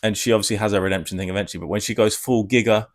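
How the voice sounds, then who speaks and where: A man giving a casual spoiler review, rambling and excitable, swearing freely. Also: fairly low pitch, rapid-fire. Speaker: film reviewer.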